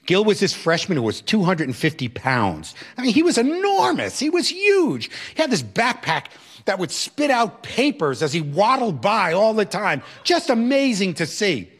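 A middle-aged man tells a personal story with emphatic, reflective delivery. His voice sits a little high and swings widely in pitch. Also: huge pitch swings, normal speed, fairly bright tone. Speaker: storyteller, educator.

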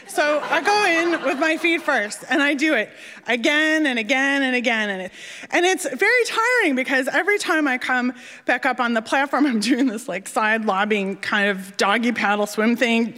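A woman telling a personal story on stage, animated and self-deprecating, acting out the voices of the people in it. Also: fairly high pitch, moderate pace. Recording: long hall reverb.

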